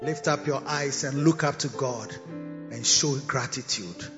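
A man's voice: mid-range voice, a little slow. A man preaching as bishop and pastor, teasing and scolding his congregation and laughing mid-sentence. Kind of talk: preaching a sermon. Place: cathedral sanctuary. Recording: echoey hall, dull lo-fi sound, faint music.

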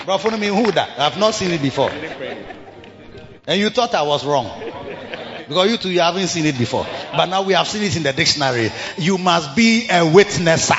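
A man's voice: fairly high pitch, expressive, a little fast, crowd noise, noisy background. A man preaching a sermon, dramatically acting out scenes and repeating call-outs. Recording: muffled hall sound with music.

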